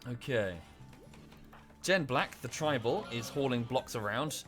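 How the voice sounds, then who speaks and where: A man's voice: medium pitch, expressive, measured pace, a bit bright, soft background music. Rambling male game streamer. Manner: rambling, self-correcting, talks to viewers and the game characters. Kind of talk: casual game-stream commentary. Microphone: desk microphone.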